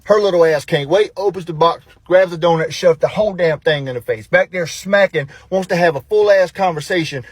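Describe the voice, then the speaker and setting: A man telling comic stories about his kids, animated and profane, with sudden loud outbursts. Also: fairly high pitch, a little fast, hardly any pauses, breathy edge, dry recording. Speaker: storyteller, father of young kids. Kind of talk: comic storytelling with voiced quotes.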